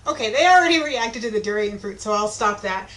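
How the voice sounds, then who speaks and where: A woman's voice: medium pitch, lively intonation, a little fast, a bit bright. A woman teacher giving a casual online lesson, chatty and informal, with plenty of ums.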